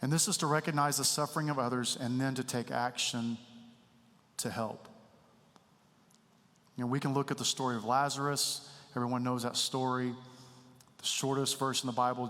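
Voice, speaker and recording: A man's voice: medium pitch, fairly bright tone. A man, preaching a candid, conversational sermon full of personal stories in a church sanctuary. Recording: church hall reverb.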